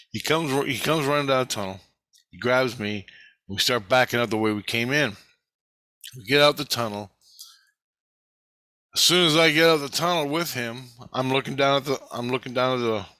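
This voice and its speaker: A man's medium-pitched voice comes across bright and forceful, with no room sound, as he casually retells events from his own life. He swears freely and acts out the quoted conversation.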